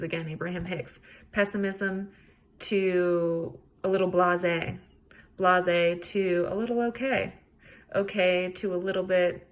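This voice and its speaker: A woman's voice: medium pitch, a bit bright. Woman hosting her self-help podcast alone, casual and earnest, swears a lot. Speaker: podcast host.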